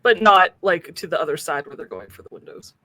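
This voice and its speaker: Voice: mid-range voice, expressive, a little fast, pushed and bright. A player in a tabletop game explaining their character's actions casually, in long run-on sentences. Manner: casual, explains plans in a rush of clauses.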